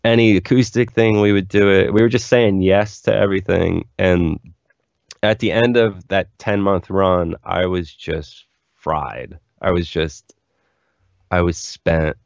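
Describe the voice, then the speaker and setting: A man's voice: low-pitched, steady tone, a little slow, creaky, darkish tone, no echo, dull audio. A young man, a musician guest, telling stories in a candid, rambling way full of "like" fillers. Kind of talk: casual interview storytelling.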